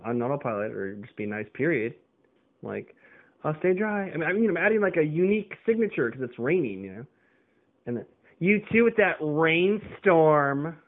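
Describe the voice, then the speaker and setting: A male podcast host ranting in a loose, rambling way, full of fillers and the odd swear word. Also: medium pitch. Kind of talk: casual rambling monologue. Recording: tinny phone-like sound.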